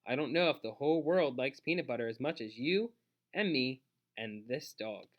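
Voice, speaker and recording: A man reading aloud, voicing a wise, dry-humored elderly woman with slow, folksy speech. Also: medium pitch, expressive, lo-fi sound, close to an everyday voice. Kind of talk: audiobook read-aloud.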